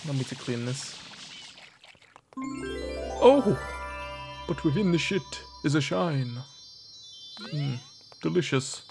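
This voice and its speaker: Young man, gaming commentary, animated pitch, excitable, joking, faint background music. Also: takes it slowly, creaky, long pauses. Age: 20s. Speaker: gaming channel host. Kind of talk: let's-play commentary.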